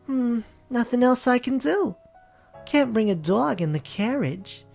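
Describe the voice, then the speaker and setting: A man's voice: very high voice, sing-song, measured pace, creaky, darkish tone, faint music behind, pitched above the performer's own voice, full character voice. A man voicing a headstrong, cynical young woman in a visual novel reading, brusque and teasing. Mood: blunt.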